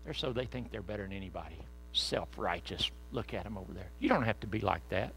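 A man's voice: fairly low pitch, fast talker, creaky, a bit bright, slight background noise, voice pushed down, low-quality recording. A man voicing a scornful devil who tempts listeners by mocking churchgoers, in a sermon. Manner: scornful, gossipy.

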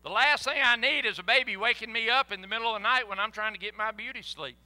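A preacher doing a grumbling old priest. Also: male voice, high-pitched, fast, bright, forceful tone, soft background music. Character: doubting old priest, weary of baby duties. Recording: echoey hall.

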